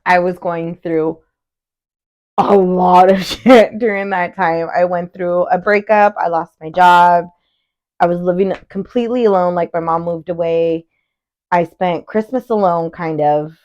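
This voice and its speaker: A woman's voice: fairly low pitch, fairly even intonation, darkish tone, muffled recording. A woman co-hosting a podcast in casual chat, rambling through her story with lots of fillers. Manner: rambling, filler-heavy, quick to laugh along. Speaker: podcast co-host.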